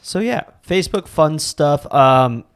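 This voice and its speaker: A man co-hosting a casual podcast as a DJ, teasing and chiming in with quick remarks. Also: fairly high pitch, expressive, smooth. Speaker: DJ and podcast co-host. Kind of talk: casual chat.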